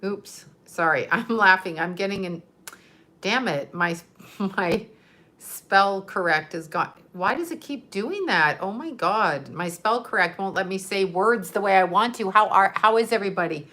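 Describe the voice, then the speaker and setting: A woman's voice: mid-range voice, expressive, moderate pace, sharp tone. Woman, live-stream host, casual chat, giggly, rambling, talks into a phone.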